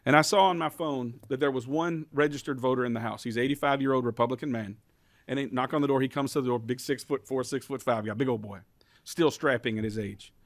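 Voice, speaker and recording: A man's voice: mid-range voice, fairly even intonation, quick pace, no echo. Man, state rep, passionate testimony, stories and rhetorical questions, dry close mic. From Kentucky. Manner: impassioned storytelling, building to emphatic rhetorical questions. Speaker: state representative, bill sponsor. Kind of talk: legislative committee testimony.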